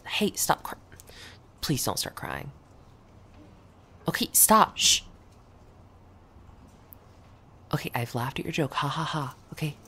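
Lady doing a sarcastic coworker gal in an audio roleplay, kinda gravelly, dry and dismissive but grudgingly soft. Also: rumbling low, full character voice. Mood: awkward soothing. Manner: dry, dismissive teasing that turns grudgingly gentle. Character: blunt, sarcastic woman office coworker who curses. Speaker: audio role-play performer. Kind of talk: scripted audio role-play.

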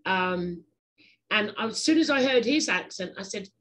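English woman, podcast host, mid-pitched, talkative, wanders off topic. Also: expressive, a little slow, rough recording. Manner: chatty, digressive, laughs easily. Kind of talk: casual interview chat.

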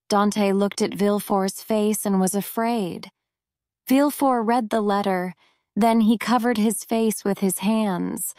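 Slow-reading woman storyteller. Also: mid-range voice, steady tone, darkish tone, clean tone, no echo, studio quality. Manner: slow, simple, careful reading. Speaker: narrator. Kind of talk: graded reader storytelling for English learners.

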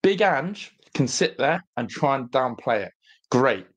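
A man's voice: mid-range voice, very animated, measured pace. A young man co-hosting a casual football debate, mocking and needling with repeated jabs. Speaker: football podcast co-host, fan.

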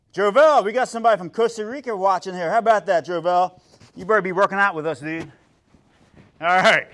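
High, bright karate instructor shouting counts. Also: male voice. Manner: shouts sharp counts and kiai between calm instructions. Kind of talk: live-streamed kids' karate class. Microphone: phone or laptop for a live stream.

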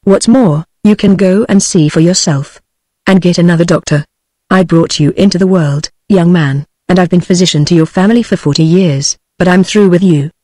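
A woman's text-to-speech voice with a British English accent, reading the lines of an irritated older male family doctor in a dry, sharp manner. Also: fairly low pitch, normal speed, no echo.

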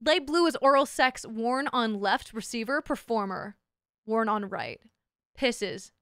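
A bubbly woman live-streamer with a high, smooth voice, chatting close to the mic in a dry, dead room. She jumps between thanking viewers and crude, teasing banter, and she laughs easily. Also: animated, unhurried, a bit bright, no room sound. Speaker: VTuber streamer. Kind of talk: casual live-stream chat.

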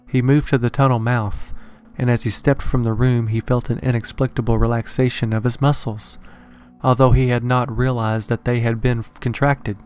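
A man narrating a horror story in a measured, steady scripted reading. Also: medium pitch. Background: faint horror background music.

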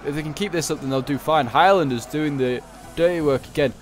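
A man's voice: fairly high pitch, a little fast, soft background music. Chatty man commentating a game. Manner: chatty, thinking aloud with frequent fillers. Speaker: gaming commentator.

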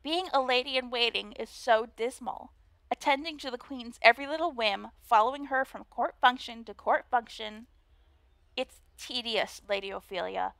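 A woman's voice: on the high side, vocal fry, bright, forceful tone, no echo, exaggerated voice. A woman voicing a snobbish young noblewoman, a mean girl with a put-on Valley Girl accent. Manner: sneering, drawling.

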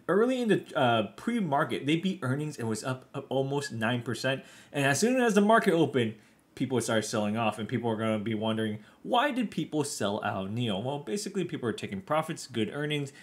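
A man hosting a finance video, casually explaining market news from home in a loose way with lots of fillers. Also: mid-range voice.

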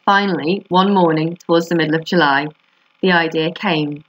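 A woman's voice: sits low, fairly even intonation, normal speed, low-quality recording. Woman teacher reading a storybook aloud. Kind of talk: reading a children's book aloud.

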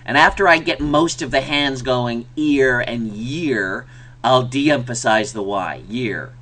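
A man's voice: mid-range voice, takes it slowly, pushed and bright. Man giving a casual teaching lecture. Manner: conversational, many fillers, demonstrates sounds aloud. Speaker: ESL teacher. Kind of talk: mini lecture.

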